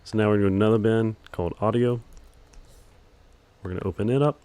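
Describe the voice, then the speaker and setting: Low-voiced, monotone man teaching software. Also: quick pace. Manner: calls his own voice monotone, relaxed, many ums. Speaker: video editing instructor. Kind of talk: screen-recorded software tutorial.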